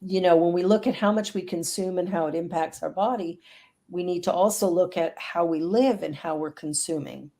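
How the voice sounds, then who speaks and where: A woman's voice: fairly low pitch, moderate pace, dark tone. A middle-aged woman talking in an earnest, upbeat way during a casual video-call chat. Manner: earnest, upbeat, speaks of prayer and affirmations.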